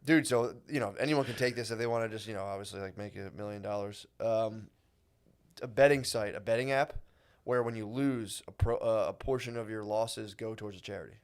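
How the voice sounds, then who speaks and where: A man's voice: on the low side, brisk, clean tone. A man in his thirties co-hosting a podcast in casual chat, rambling with restarts and saying "dude" a lot. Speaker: podcast co-host.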